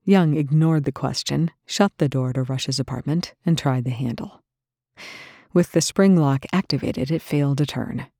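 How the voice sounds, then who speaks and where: A narrator reading a tense story aloud in a steady, dry storytelling manner. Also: medium pitch, normal speed, vocal fry, no echo. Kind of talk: scripted narration.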